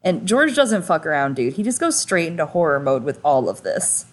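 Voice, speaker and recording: A woman co-hosting a podcast in relaxed, casual chat. She talks with enthusiasm and drops the odd swear word. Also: low voice, moderate pace. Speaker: podcast co-host.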